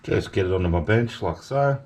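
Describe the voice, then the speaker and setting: Brisk and a little mellow, a man with a very deep, low voice and lively intonation runs a casual cooking demo from his home kitchen for his cooking channel, chatting comfortably as he explains each step.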